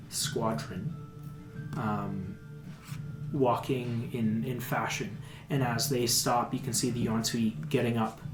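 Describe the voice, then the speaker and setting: A man narrating a tabletop game as dungeon master, descriptive, with fillers. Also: medium pitch. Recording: echoey room with background music.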